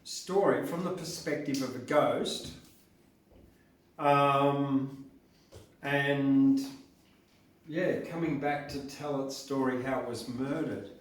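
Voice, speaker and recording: A man's voice: mid-range voice, takes it slowly, pauses often. A man at an open mic poetry night, introducing his poems with rambling, hesitant asides. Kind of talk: casual poetry reading intro. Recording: roomy hall from a distance.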